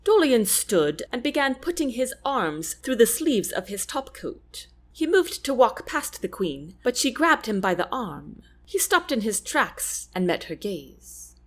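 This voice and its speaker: A woman narrating a fantasy audiobook with expressive storytelling. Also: on the high side, a little slow, hardly any pauses. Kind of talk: scripted narration.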